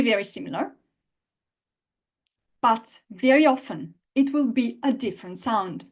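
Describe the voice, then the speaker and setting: A woman teaching a live online lesson, reading out student answers and repeating sounds for learners to copy. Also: on the high side. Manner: demonstrates sounds by repeating them. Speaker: language teacher.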